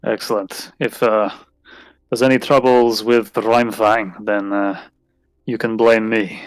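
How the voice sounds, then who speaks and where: A man's voice: on the low side, flat delivery, measured pace, no echo, close to an everyday voice. A man playing a proud, boastful beast-rider. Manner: boastful, formal. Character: proud adult male warrior riding a beast.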